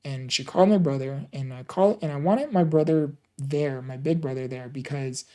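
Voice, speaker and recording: A man tells his own story in a mellow, soft-toned voice. He sounds earnest and emotional. He often halts, repeats and restarts his words. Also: medium pitch, normal speed. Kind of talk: personal storytelling.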